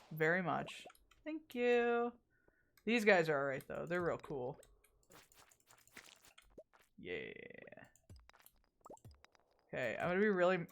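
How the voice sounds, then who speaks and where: A woman livestreaming a farming game, talking to herself and chat in a loose, rambling way. Her pitch jumps around a lot as she grows exasperated and swears at the game, then drifts off into asides. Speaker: streamer. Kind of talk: casual gameplay chat.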